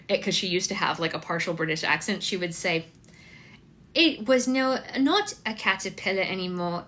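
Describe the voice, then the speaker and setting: A woman's voice: on the low side, pushed and bright. A woman in her thirties hosting a slime live stream, chatting casually and telling stories with lots of ums. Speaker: slime shop host.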